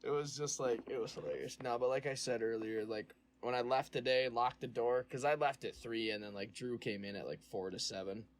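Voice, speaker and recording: Young dude on a podcast, animated, acts out what people said, bit of hiss behind. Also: male voice, mid-range voice, brisk, hardly any pauses. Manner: animated storyteller, acts out quotes, swears freely. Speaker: podcast co-host. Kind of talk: casual chat.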